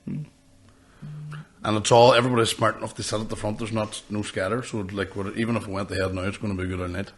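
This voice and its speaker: A man's voice: lowish voice, flat delivery, quick pace, faint music behind. A man, a comedian hosting a podcast, telling sweary stories in casual chat and laughing often.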